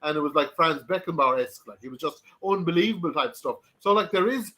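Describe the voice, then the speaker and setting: A man's voice: fairly high pitch, expressive, fast, pushed and bright. A man guest in a casual chat, rambling with many restarts. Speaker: podcast guest.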